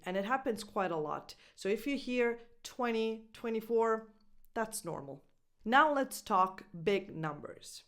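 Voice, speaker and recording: A woman coaching English pronunciation, saying each word slowly and repeating it for drilling. Her first language is Italian. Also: medium pitch. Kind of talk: pronunciation lesson.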